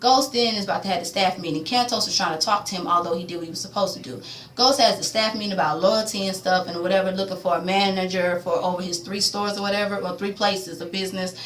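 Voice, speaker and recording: A woman casually recapping a TV episode in slangy talk, acting out the characters' lines with loud reactions. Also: mid-range voice, echoey room. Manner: animated, slangy, acts out quotes. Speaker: TV recap vlogger.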